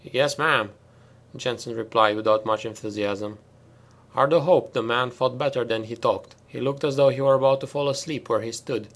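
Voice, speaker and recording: A man narrating a sci-fi novel in a self-made audiobook, in a steady, measured reading. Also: medium pitch. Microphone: self-made home recording.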